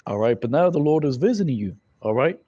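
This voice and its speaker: A man's voice: medium pitch, expressive, fast talker, warm tone, slightly rough, no echo. A man teaching scripture in a loose, conversational way, full of fillers and tag questions. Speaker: Bible teacher. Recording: dull lo-fi recording.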